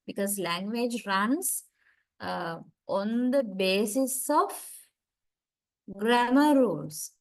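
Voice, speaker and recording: A woman giving an online university lecture, explaining slowly and checking in often with her students. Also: fairly high pitch, low-quality recording. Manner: slow, deliberate explaining with frequent "right?" and "uh" checks.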